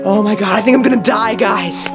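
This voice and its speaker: A woman's voice: mid-range voice, a little fast, music in the background. A woman YouTuber hosting a comedic horror-challenge vlog, shrieking and laughing in exaggerated mock terror. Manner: mock-terrified, melodramatic, yelling and cackling.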